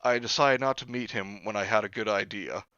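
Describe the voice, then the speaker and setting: A man's voice: lowish voice, brisk, sharp tone, clear, resonant tone, dry recording, highs cut off. A young man hosting a stream, reading a book aloud with sarcastic asides and laughter. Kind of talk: comedic read-through with commentary.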